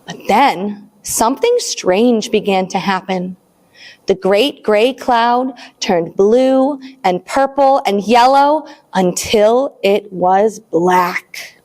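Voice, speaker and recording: A woman librarian reading a picture book aloud to small children, expressive and animated, then leading a counting rhyme. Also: mid-range voice, slow pace. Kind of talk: storytime read-aloud.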